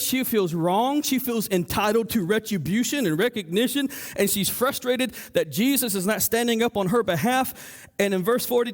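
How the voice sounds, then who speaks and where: His voice sits high as this male pastor preaches in a church sanctuary. The sermon is lively and animated, with him acting out his story's characters and frequently stammering and restarting.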